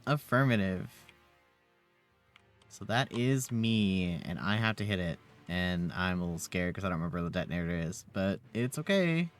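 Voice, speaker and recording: A man's voice: sits low, animated, a little fast, hardly any pauses, soft background music. Man reading game dialogue aloud. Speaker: streamer playing a game. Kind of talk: casual gameplay commentary, reading dialogue aloud.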